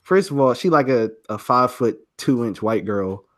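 A man's voice: mid-range voice, expressive, moderate pace. Young man, podcast co-host, casual storytelling, slangy, lots of fillers. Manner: loose, slangy, many fillers like "like".

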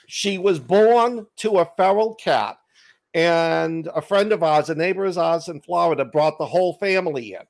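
Boston guy on a video call, gravelly voice, jokey storyteller. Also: a little high, moderate pace. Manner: jokey storyteller, laughs at himself. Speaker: author and podcaster, guest. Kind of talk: casual interview chat. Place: home desk on a video call.

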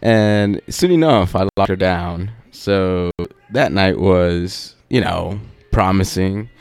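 A man's voice: low voice, slow pace, darkish tone, clear, resonant tone, no echo. A young man hosting a podcast, telling a rambling story in a laid-back, profane way with lots of fillers. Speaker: podcast host.

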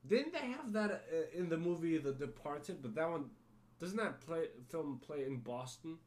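A man's voice: a little high, a little slow, darkish tone. A man hosting a podcast in casual chat, rambling and hesitant, often laughing. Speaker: podcast host.

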